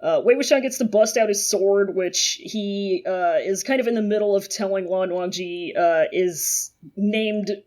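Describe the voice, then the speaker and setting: A woman's voice: medium pitch, unhurried, few pauses, darkish tone. A woman talking casually as a podcast host, running through the plot of a book in a loose, wry way. She pads her sentences with little fillers and keeps a dry, joking edge. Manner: chatty, sardonic, lots of fillers. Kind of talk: casual chat recapping a novel.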